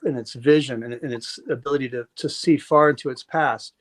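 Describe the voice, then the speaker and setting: Man debater, mid-pitched, lectures in long run-on stretches with occasional stumbles. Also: steady tone, fairly quick. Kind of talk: conversational debate.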